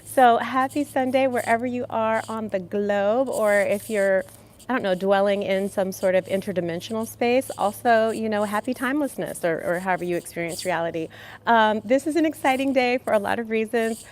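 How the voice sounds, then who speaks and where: A woman's voice: mid-range voice, normal speed. A woman hosting a casual health livestream from Los Angeles, bubbly, greeting chat viewers with pet names and kisses, speaking into a headset. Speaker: livestream host.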